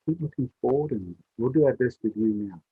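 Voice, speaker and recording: Man, storyteller, earnest, heartfelt, husky voice, tinny phone-like sound. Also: mid-range voice, lively intonation, fairly quick, no room sound. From Western Australia. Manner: earnest, heartfelt, repeats himself. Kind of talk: spoken storytelling to young people.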